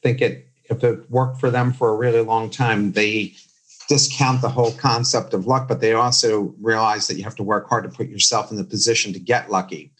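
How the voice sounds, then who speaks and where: A man's voice: lowish voice, steady tone, moderate pace, fairly bright tone, poor audio. Man hosting a business interview. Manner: conversational, asks long questions. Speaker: interview host. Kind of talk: interview questions.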